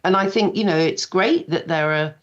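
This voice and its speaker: A woman's voice: lowish voice, moderate pace, lo-fi sound. An older woman speaking as a guest author in a casual radio interview, chatty and self-deprecating, acting out quoted dialogue as she tells stories.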